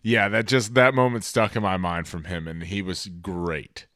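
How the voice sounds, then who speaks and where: Smooth-voiced, excited podcast co-host. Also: male voice, deep voice, moderate pace, dry recording, studio quality. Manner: excited, profane, rambling. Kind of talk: casual movie-review chat.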